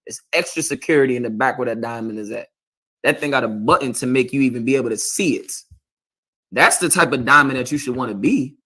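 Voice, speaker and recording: A man's voice: mid-range voice, fast, pushed and bright. A man preaching a confrontational sermon as a street preacher, lecturing his listeners and often asking "You understand?".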